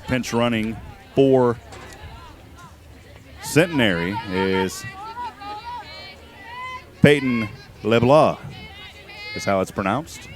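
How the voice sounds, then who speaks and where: A man calling a live softball game as play-by-play announcer, rising to excited calls on big plays. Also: medium pitch, drawn-out words, pauses often, faint music behind. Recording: broadcast with crowd noise.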